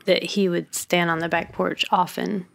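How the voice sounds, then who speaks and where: A woman with a light Southern US drawl talks frankly and laughs easily as a podcast co-host. Her voice sits low with a gravelly fry. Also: little pitch movement, normal speed. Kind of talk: casual chat.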